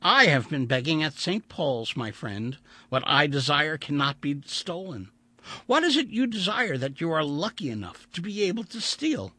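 A man's voice: on the high side, big pitch swings, normal speed, sharp tone, husky, no echo, pitched above the performer's own voice, heavily acted. A man voicing an austere, cynical blind older male mathematician who speaks in a wry, theatrical way.

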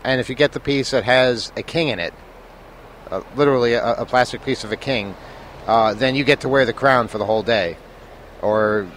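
A man chatting casually on a hotel balcony and joking as he hosts. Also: mid-range voice. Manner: joking, chatty, laughs often. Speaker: co-host. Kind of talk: casual chat. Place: hotel balcony above a busy street. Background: street traffic.

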